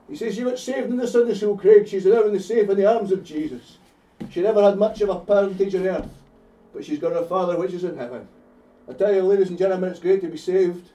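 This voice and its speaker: In a distant, lo-fi recording from an echoey hall, a man with a Scottish accent delivers a fervent evangelistic sermon. His voice sits high and warm, he speaks at a quick pace, and he repeats phrases to drive them home.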